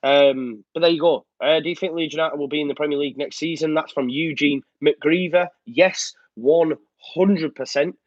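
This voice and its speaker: A man's voice: a little high, fairly even intonation, normal speed, hardly any pauses, dry recording. Male live-show host, casual rambling chatter, slightly lo-fi dry recording. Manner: chatty and rambling, with many filler ums. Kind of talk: casual live-stream chat reading out viewer comments. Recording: slightly muffled dry sound.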